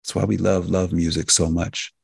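A man with a very low, husky, fry-laden voice hosts a health talk radio show. He speaks in an emphatic, preacher-like cadence, repeating phrases for effect. His voice is recorded dry and close. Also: flat delivery, moderate pace, a little mellow, no room sound. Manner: addresses listeners directly as folks and healers.

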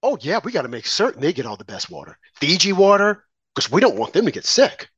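A man's voice: high-pitched, big pitch swings, quick pace, breathy edge, no echo. A man giving heated, sarcastic political commentary as a guest, speaking indignantly to the host. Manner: indignant, sarcastic, rising to shouts.

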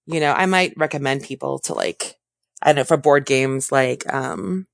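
A woman therapist answering interview questions in a thoughtful way, often pausing and correcting herself. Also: extremely low pitch, creaky, no room sound, clean studio sound. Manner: thoughtful, self-correcting, many fillers.

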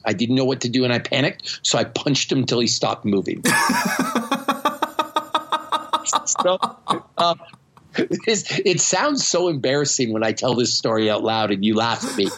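A man's voice: mid-range voice, expressive, moderate pace, a bit bright, low-quality recording. A man hosting a podcast, telling stories in a blunt, profane, self-mocking way. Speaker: podcast host. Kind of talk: casual storytelling chat.

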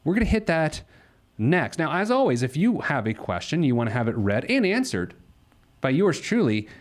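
A man with a fairly high voice and big pitch swings talks at normal speed while hosting a money advice show. His delivery is casual radio-show banter, joking and rambling with lots of fillers.

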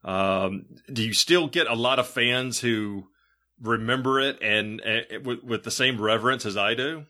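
A middle-aged man hosting a podcast, telling road stories in a loose, animated way, with a lot of restarts and laughter. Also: mid-range voice, unhurried. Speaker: podcast host. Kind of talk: casual interview storytelling.

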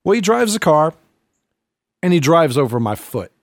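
A man tells a long, winding story in casual podcast talk, circling back with fillers and restarts. His voice sits a bit high. The recording is dry and close. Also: very animated, normal speed, dry recording. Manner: rambling, many fillers and restarts, mimics voices in quotes. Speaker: guest telling a story.

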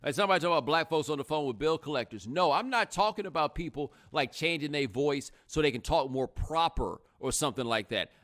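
A young adult man hosting a live podcast, chatting casually with a sarcastic, animated delivery. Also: fast, hardly any pauses. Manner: animated, sarcastic, rising pitch when joking. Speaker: podcast host. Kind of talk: casual live-stream commentary.

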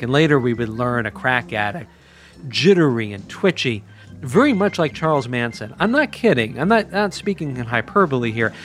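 A man telling a first-person story as a podcast host, in a conversational, wry and emphatic way. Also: mid-range voice.

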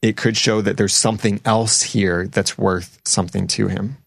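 A man's voice: on the low side, fairly even intonation, normal speed, vocal fry, no room sound. A man hosting a casual podcast discussion about a TV show, reading listener comments aloud. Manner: conversational, reads listener comments. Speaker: podcast host.

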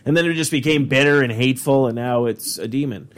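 A man's voice: medium pitch, fast talker, hardly any pauses. A man chatting casually, crude and jokey, often slipping into silly put-on voices. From Ireland. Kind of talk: casual chat.

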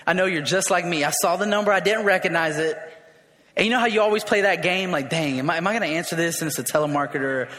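A man preaching a sermon, emphatic and repetitive, rising to shouts at his peaks. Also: fairly high pitch, in a large hall. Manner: emphatic, repeats words, rises to shouts.

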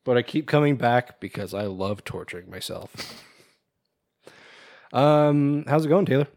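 A man's voice: mid-range voice, animated, measured pace, gravelly, darkish tone. Joking man co-hosting a podcast. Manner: joking, irreverent banter with frequent laughs. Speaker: podcast co-host. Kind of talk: casual chat.

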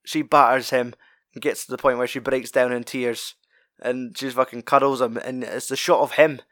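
A man's voice: mid-range voice, little pitch movement, normal speed, a bit bright, dry recording, clean studio sound. A man chatting casually about a film, rambling, swearing freely and laughing often.

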